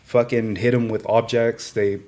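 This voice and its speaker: Man, mid-pitched voice, podcast co-host, blunt and emphatic, casual profane chat. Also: little pitch movement, moderate pace, darkish tone.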